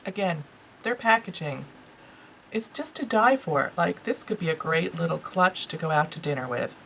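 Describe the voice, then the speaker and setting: A woman's voice: on the low side, lively intonation, moderate pace, gravelly, fairly bright tone, a little hiss or hum, poor audio. A woman with a New York accent casually and enthusiastically reviewing beauty products she bought, chatting to her viewers. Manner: chatty, enthusiastic, lots of fillers. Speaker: beauty vlogger.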